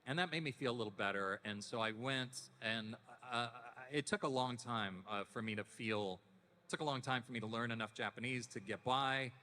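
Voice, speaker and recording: A man in his fifties, a voice actor guest at a panel, telling stories casually in a deepened, relaxed voice with frequent restarts. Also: moderate pace. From Canada. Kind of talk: casual anecdotal panel talk. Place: convention panel hall. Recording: echoey convention hall.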